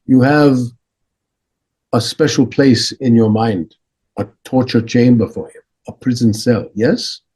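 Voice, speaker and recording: A man voicing a gentle, wise elderly monk who speaks slow, halting broken English in a calm teaching tone. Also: mid-range voice, husky.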